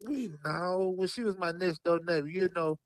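A man's voice: high-pitched, normal speed, dry recording. Man with a Southern Alabama accent. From Birmingham, Alabama. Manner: playful, boastful banter. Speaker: guest co-host. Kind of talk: casual podcast chat.

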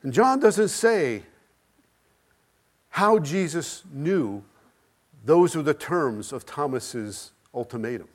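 A man preaching a sermon, building with repeated phrases, rhetorical questions and dramatic pauses. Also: a little high, lively intonation.

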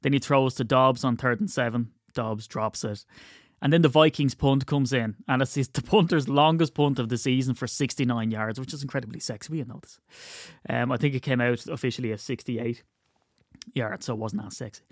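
A man's voice: medium pitch, fairly even intonation, normal speed, dry recording, clean studio sound. A man hosting a sports podcast, chatting in an opinionated way with wry asides. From United Kingdom. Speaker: podcast host. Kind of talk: casual solo commentary.

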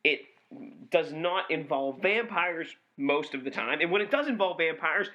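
A man's voice: fairly high pitch, expressive, normal speed, pushed and bright. A man co-hosting a movie review podcast, swearing freely and ranting with exasperation in casual chat.

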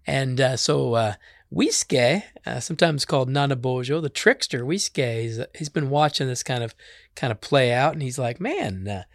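A man's voice: mid-range voice, normal speed, gravelly, no echo, studio quality. Casual folksy male storyteller. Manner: casual, folksy, voices animals briefly. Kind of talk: oral storytelling with native words.

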